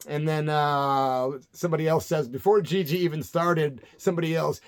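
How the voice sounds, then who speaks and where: Gravelly laid-back older man. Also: on the high side, a little fast. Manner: laid-back, rambling, says "man" often. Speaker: storyteller recalling punk tours. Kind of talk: casual spoken-word storytelling.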